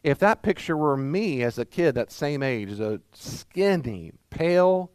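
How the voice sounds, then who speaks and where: A man's voice: fairly high pitch, expressive, unhurried, darkish tone, clear, resonant tone, no echo. A man from Mississippi with a Southern accent, preaching a sermon as pastor, emphatic and full of rhetorical questions.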